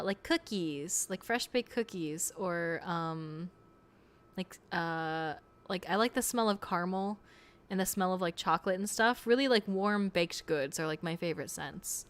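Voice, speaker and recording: A young woman streaming a game and chatting casually, excitable and swearing freely. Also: mid-range voice, a little slow.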